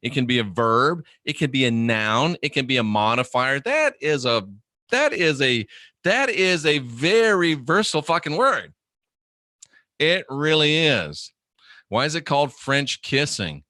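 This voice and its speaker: A middle-aged man hosts a casual live chat and reads viewer comments aloud. He talks bluntly and jokes a lot, and his bright, forceful voice sounds dry and close to the mic. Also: medium pitch, sing-song, unhurried, no echo. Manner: blunt, profane, joking. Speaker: livestream host reading chat.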